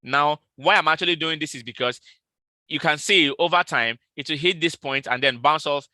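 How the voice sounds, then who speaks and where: A man hosting a live trading stream, repeating his trade calls and price levels slowly and talking straight to his viewers. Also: a little high, pushed and bright, no echo. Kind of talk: live market analysis stream.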